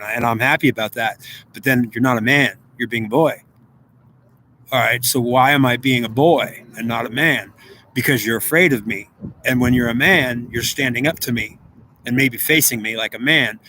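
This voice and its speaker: Halting man recounting talks with God. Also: medium pitch, bright, forceful tone, a little hiss or hum. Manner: halting, repeats words, quotes God in conversation. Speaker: spiritual speaker. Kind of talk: personal spiritual talk.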